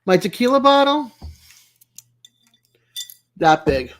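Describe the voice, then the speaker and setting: Slow and fairly high-pitched, the woman's voice swings widely in pitch. She's hosting a relaxed livestream from home, teasing and giggling as she addresses viewers by name in casual chat.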